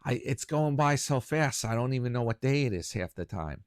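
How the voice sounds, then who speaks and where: A man's voice: medium pitch, animated, moderate pace, no room sound, studio quality. A man hosting a casual solo chat for his viewers, rambling and chatty and joking at his own expense. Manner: rambling, chatty, self-mocking. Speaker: YouTube commentary host.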